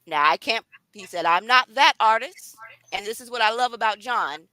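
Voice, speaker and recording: Bright, chatty woman hosting a live read. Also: a little high, lively intonation, normal speed, dry recording, poor audio. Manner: chatty, enthusiastic, addresses viewers directly. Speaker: author and live-stream host. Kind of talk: lively live-stream chat.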